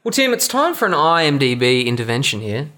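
A man's voice: on the high side, big pitch swings, brisk. A man hosting a casual film commentary chat, wry and musing as he asks his co-hosts questions.

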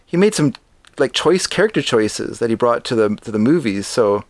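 A man's voice: medium pitch, lively intonation, moderate pace, no room sound. A middle-aged man chats loosely about films as a podcast co-host. He rambles, restarts and corrects himself mid-thought. His voice sits close and dry, with no room around it. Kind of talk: casual film discussion.

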